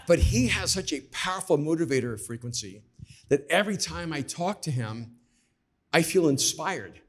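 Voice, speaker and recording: A middle-aged man telling lively anecdotes as an author guest on a podcast taped live, acting out the people he quotes. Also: a little high, moderate pace, husky. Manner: animated anecdotes, acts out quoted voices. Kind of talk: conversational storytelling.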